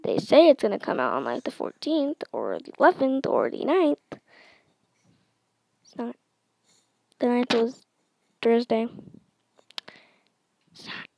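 A woman's voice: a little high, huge pitch swings, takes it slowly, creaky, long pauses, darkish tone, low-quality recording. A teenage girl reading her own story aloud and chatting afterward in a rambling way.

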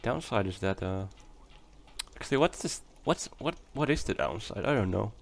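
Young male let's-player, low voice, sweary and self-talking. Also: expressive, moderate pace, gravelly. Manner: swearing, frustrated outbursts and muttering to himself. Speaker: let's play gamer. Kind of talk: casual gameplay commentary.

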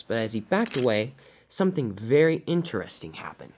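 An amateur storyteller reading out a toy-train adventure in a plain, hurried way, often stumbling and restarting mid-sentence. His pitch stays lively, rising and falling from phrase to phrase. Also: slight background noise.

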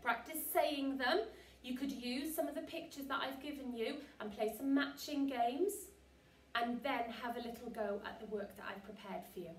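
A woman teacher, slowly modelling words for children to repeat in a lesson. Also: fairly high pitch, distant mic, a little hiss or hum. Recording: echoey room, voice from off the mic.

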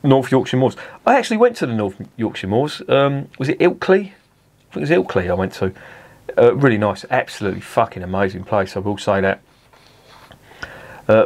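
A middle-aged man, chatting casually through a beer review. He rambles off topic and swears freely. His voice sits at an ordinary middle pitch. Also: animated, a little fast, vocal fry, a little mellow.

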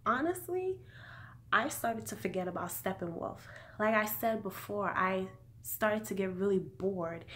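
A woman giving a casual spoken film review, excitable and profane, often exclaiming and acting out scenes. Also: mid-range voice. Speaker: movie reviewer.

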